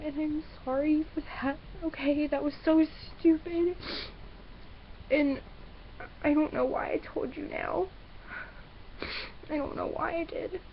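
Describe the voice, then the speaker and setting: A teenage girl crying and sniffling through a halting webcam apology, repeating herself. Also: sits high, highs cut off, a little hiss or hum. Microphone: webcam built-in mic.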